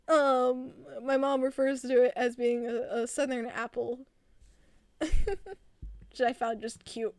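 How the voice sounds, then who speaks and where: A woman's voice: high voice, fairly even intonation, slow, pauses often, a little mellow, no room sound. A woman from the American South chatting casually on a live stream, giggly and rambling, with frequent laughs. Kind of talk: casual chat.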